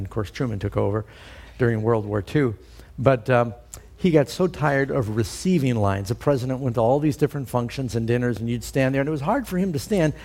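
A man's voice: medium pitch, dark tone. Middle-aged man preaching in a storytelling way. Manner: conversational storytelling with fillers. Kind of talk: sermon.

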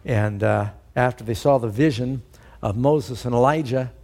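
A middle-aged man giving a sermon, telling stories in a relaxed, conversational way with frequent fillers. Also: mid-range voice, normal speed, creaky. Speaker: preacher.

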